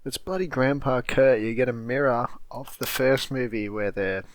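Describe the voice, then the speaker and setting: A man's voice: mid-range voice, moderate pace, dry recording. A man co-hosting a podcast, chatting casually about a film, blunt and joking, swearing freely. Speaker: podcast co-host. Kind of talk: casual movie review chat.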